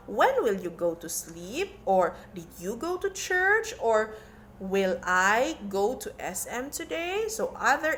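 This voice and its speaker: Young woman teacher, slow and clear, lively ups and downs, gets kids to repeat words, encouraging. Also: on the high side, a little hiss or hum. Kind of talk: children's lesson.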